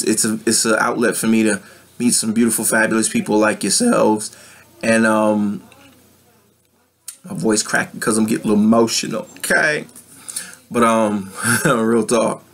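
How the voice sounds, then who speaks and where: Sassy, blunt man vlogging. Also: fairly low pitch. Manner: blunt, profane and sassy, then heartfelt. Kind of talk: casual vlog chat to viewers.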